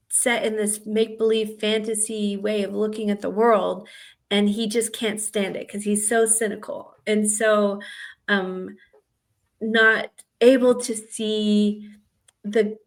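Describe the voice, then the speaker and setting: With a medium-pitched voice and vocal fry, a romance author from the American South chats casually as co-host of a romance writing podcast. She rambles and uses plenty of fillers.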